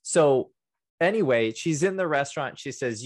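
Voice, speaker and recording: Man retelling a story with animated voices. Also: on the high side, moderate pace, dry recording, clean studio sound. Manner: animated storytelling, acts out quotes. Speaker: podcast co-host; works with fourth graders. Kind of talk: casual discussion.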